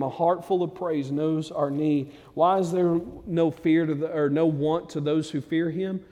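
Excited preacher in a reverberant hall. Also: male voice, a little high, unhurried, hardly any pauses. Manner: conversational preaching that swells to loud, excited climaxes. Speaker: pastor. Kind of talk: sermon.

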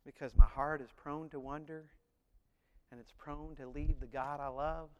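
A man preaching a sermon as pastor, animated, acting out voices and singing short snippets. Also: fairly high pitch, moderate pace, clear, resonant tone, in a large hall.

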